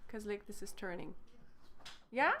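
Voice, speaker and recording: Woman, French accent, unhurried delivery, chatty language teacher on a live stream. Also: mid-range voice, expressive, bright, forceful tone, slight background noise. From France. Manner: chatty, laughs often, mixes French and English. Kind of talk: casual live-stream lesson.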